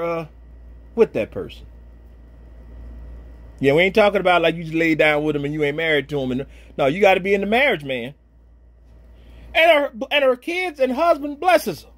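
A man who is a pastor and podcast host, giving a preachy commentary with slang asides, swinging between loud exhortation and low murmurs.

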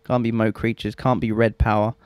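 A man's voice: on the low side, level tone, brisk, a little mellow, dry recording. A young man giving rambling, self-mocking gameplay commentary and swearing freely. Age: young adult. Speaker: let's play host.

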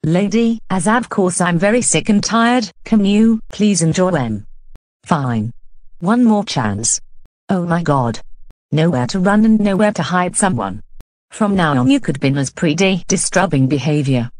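A woman's voice: on the low side, expressive, unhurried, darkish tone, no echo. A woman voicing an irritated young woman who snaps back in broken phrases.

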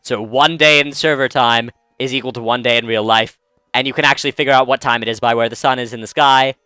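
A man's voice: medium pitch, fairly even intonation, quick pace, pushed and bright, clear, resonant tone, no room sound, clean studio sound, faint music behind. A man hosting a let's-play, chatting casually and rambling through commentary with many fillers and restarts. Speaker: game let's-play host.

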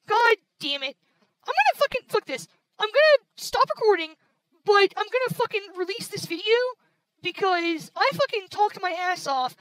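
A woman's voice: extremely high pitch, lively intonation, a little slow, background noise. A woman giving casual gameplay commentary, frustrated and swearing constantly. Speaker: gaming video creator.

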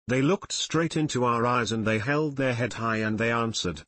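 Guy reading a novel aloud, kinda husky, very dry close sound. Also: medium pitch, normal speed, fairly bright tone, dry recording. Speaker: audiobook narrator. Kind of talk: scripted narration.

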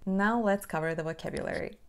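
A woman with a Portuguese accent teaching a language lesson. She explains plainly and repeats phrases slowly to demonstrate them. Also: mid-range voice.

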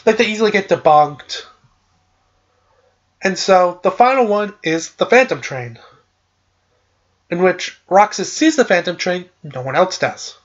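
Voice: mid-range voice, animated, measured pace, pauses often, highs cut off. A podcast host casually recapping a game's story in a loose, rambling way, with lots of "like" and "uh". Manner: loose and chatty, with frequent "like" and "uh".

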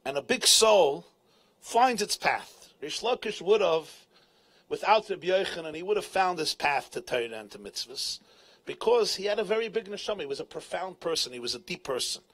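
A man, a rabbi, retelling a Talmud story to a live audience in a large event tent, with dramatic, emphatic delivery and shouted peaks. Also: high voice, animated, moderate pace, breathy edge.

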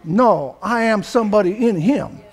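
Older california preacher guy, really high voice, chatty sermon that gets loud and shouty. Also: expressive, normal speed, slightly rough. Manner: loose, conversational preaching that swells into emphatic shouting. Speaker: pastor.

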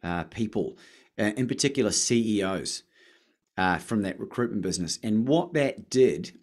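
A man from Australia with an Australian accent, a podcast guest telling his story in casual chat, lively and acting out phone calls. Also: lowish voice, moderate pace. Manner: animated, acts out phone calls with rising excitement.

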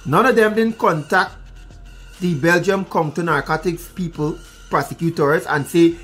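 Over soft background music, a Guyanese-accented man gives a fiery news rant full of profanity and repetition, addressing his audience head-on. His voice sits on the high side, a bit bright and husky, with a measured pace.

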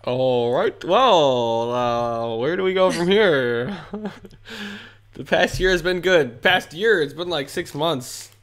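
A man's voice: on the high side, expressive, takes it slowly, fairly bright tone. Wry, drawling male poker streamer. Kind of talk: casual livestream chat.

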